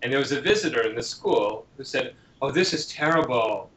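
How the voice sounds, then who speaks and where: Animated man telling parenting stories. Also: medium pitch, a little fast. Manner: animated storyteller who acts out children's lines. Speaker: parenting author and guest. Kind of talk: interview answers with acted examples. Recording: dull lo-fi sound in an echoey room.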